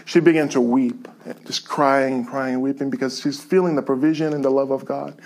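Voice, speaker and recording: A man telling a faith story to a church, lively and chuckling as he goes. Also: medium pitch, fairly quick. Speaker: guest speaker sharing a testimony.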